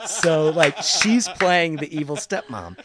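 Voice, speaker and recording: Animated man telling a story. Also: fairly high pitch, slow, crowd noise. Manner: animated storyteller, lots of fillers, acts out voices. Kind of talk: casual podcast chat.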